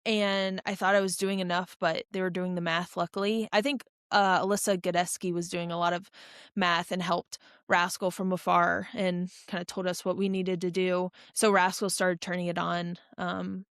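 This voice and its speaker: A woman's voice: fairly low pitch, moderate pace, clean tone, no echo, clean studio sound. Chatty young woman retelling a race. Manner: animated, rambling storytelling with many fillers and restarts. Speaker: podcast guest, ultra runner. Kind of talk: casual storytelling interview.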